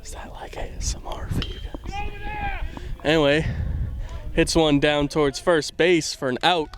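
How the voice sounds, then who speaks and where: A man calling a baseball game outdoors on a handheld microphone, rambling and self-deprecating, often dropping to a hush. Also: a little high, huge pitch swings, a little slow, background noise. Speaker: play-by-play commentator. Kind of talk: casual joking sports commentary. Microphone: handheld microphone with earbuds.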